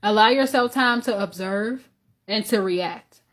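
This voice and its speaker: A woman's voice: medium pitch, measured pace, fairly bright tone. A woman with a Southern US accent giving a loose, conversational tarot reading, full of fillers and restarts. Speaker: tarot reader. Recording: music playing under voice.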